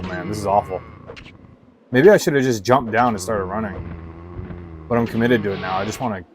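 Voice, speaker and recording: A let's play streamer gives rambling, casual gameplay commentary, swearing heavily and filling gaps with "like." His voice is fairly low, and the recording is rough.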